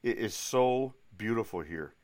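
A man's voice: fairly low pitch, lively intonation, unhurried, darkish tone. A middle-aged American man hosting his own podcast, chatting through a rambling, enthusiastic solo monologue full of asides. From United States. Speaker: podcast host.

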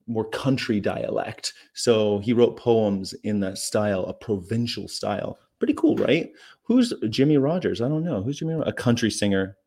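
A man's voice: lowish voice, darkish tone. Rambling man chatting through history notes. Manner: rambling, conversational, asides and fillers. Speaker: vegan channel host. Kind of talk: casual daily history chat.

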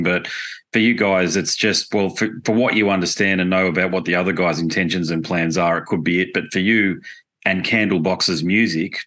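A man's voice: deep voice, pushed and bright. A man with an Australian accent hosting a podcast, chatting casually and calling his guest "mate". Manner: chatty, matey, says "mate" often. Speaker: podcast host. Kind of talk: casual interview chat.

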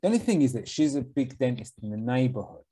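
A man with a mellow, warm tone co-hosting a casual podcast. He shifts between dry joking and sincere, thoughtful advice. His talk is relaxed and unscripted. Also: mid-range voice, fast, breathy edge, rough recording. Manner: joking, then earnest advice-giving. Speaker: podcast co-host.

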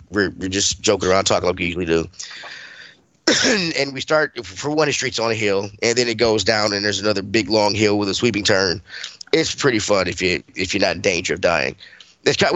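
A man co-hosting a podcast, telling a profane, animated story and laughing as he goes. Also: lowish voice, no room sound. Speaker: podcast co-host. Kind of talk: casual storytelling.

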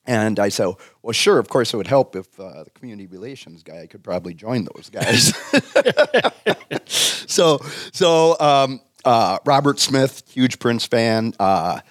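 A man's voice: medium pitch, animated, a little slow, no echo, studio quality. A middle-aged man, a former sports community relations director, telling a casual anecdote in a rambling way, full of "uh" and "um". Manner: rambling, many fillers.

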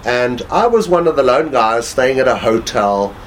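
A man's voice: mid-range voice, moderate pace, slight background noise, low-quality recording. A man casually telling a long anecdote as a guest, laughing often as he talks. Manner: animated storyteller, laughs while talking.

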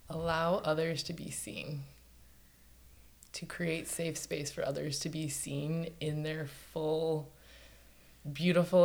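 A woman with a very low voice, speaking as a podcast guest. She talks about her work in an earnest, reflective way. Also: darkish tone. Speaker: podcast guest, yoga teacher. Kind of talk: casual chat.

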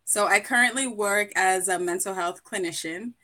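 A woman's voice: medium pitch, normal speed, bright, forceful tone. A woman from Brooklyn who was raised in Boston, a guest author and mental health clinician, chatting in a friendly way and laughing easily. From Brooklyn, New York; raised in Boston. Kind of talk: casual interview chat.

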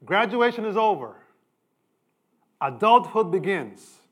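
A middle-aged pastor delivers a sermon in a somewhat high voice. His preaching is conversational, and his pitch and volume keep climbing and falling for emphasis. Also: big pitch swings, takes it slowly, breathy edge.

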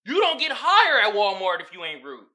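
A man hosting a podcast, in casual comedic commentary that is animated and profane, with frequent laughs. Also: sits high, moderate pace. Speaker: podcast host.

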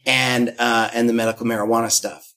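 A man's voice: medium pitch, level tone, brisk, pushed and bright. Rambling man telling a candid story. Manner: rambling, many fillers and restarts, acts out quotes. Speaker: guest.

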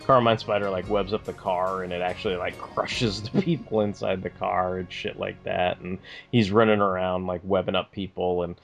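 Man, podcast co-host, low voice, rambling casual chat, faint music underneath. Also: fairly even intonation, normal speed, vocal fry, hardly any pauses. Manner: rambling, filler-heavy, profane.

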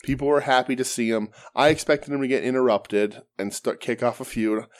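A man's voice: mid-range voice, a little fast. A man co-hosting a casual wrestling podcast, blunt and heavy on swearing. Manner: profane, blunt, animated. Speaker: podcast co-host.

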